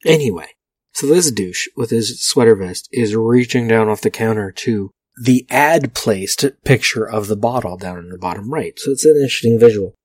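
Male podcast host, lowish husky voice, dry close mic, wry rambling commentary with casual swearing. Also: lively intonation, normal speed, darkish tone, no room sound. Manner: rambling, wry and profane asides. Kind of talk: casual commentary reading vintage liquor ads.

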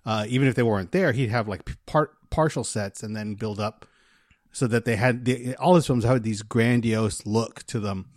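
A man's voice: fairly low pitch, normal speed, darkish tone, no echo, studio quality. A man co-hosting a casual film podcast, speaking in an easygoing, agreeable way with plenty of fillers. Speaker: podcast co-host. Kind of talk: casual chat about film.

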